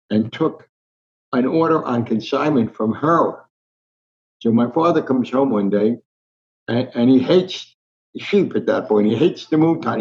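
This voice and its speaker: Brief: older New storyteller in his nineties, lively anecdotes, slightly muffled recording. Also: mid-range voice. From Newark, New Jersey. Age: 90s. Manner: animated anecdotal storyteller, acts out voices. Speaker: guest, sports columnist. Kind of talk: storytelling in an interview.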